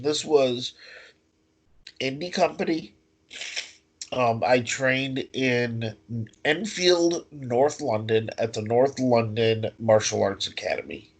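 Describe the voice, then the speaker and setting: A man, a professional wrestler, talking slowly and telling stories with many fillers over a video call. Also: medium pitch. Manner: slow, storytelling, with fillers. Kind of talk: casual interview.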